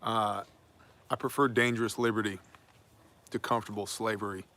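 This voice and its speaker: A man hosting a daily news commentary with a bright, forceful edge to his voice. He speaks emphatically and preaches a little, breaking off for wry asides. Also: on the low side, flat delivery, moderate pace. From United States. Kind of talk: opinionated daily news monologue.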